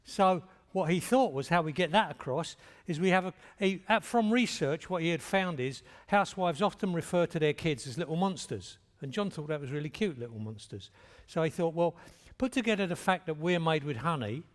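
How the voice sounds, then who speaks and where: A man's voice: fairly high pitch, expressive, brisk. An older man giving an anecdotal talk, telling stories in a plain, direct way. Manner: plainspoken storytelling. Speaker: speaker at a talk. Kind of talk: anecdotal lecture. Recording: long reverb of a large hall.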